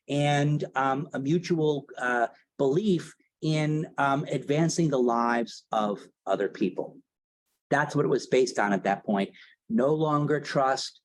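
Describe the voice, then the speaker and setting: A man's voice: medium pitch, a little mellow, poor audio. A man giving a casual, storytelling history lecture, chatty and theatrical, often checking in with the audience. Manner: chatty, theatrical, tag questions.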